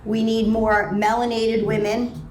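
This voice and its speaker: A woman's voice: fairly high pitch, flat delivery, measured pace. Fired-up woman from New York, echoey crowd. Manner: passionate, profane, rallying. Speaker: panel guest, cannabis company co-founder. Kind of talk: live panel speech. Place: event stage before a live audience. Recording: echoey event space, distant mic, crowd.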